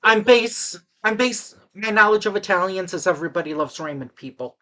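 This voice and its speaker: A woman's voice: mid-range voice, expressive, fairly quick, a bit bright. A woman casually recapping a movie, rambling with fillers and restarts, and talking to the audience in asides.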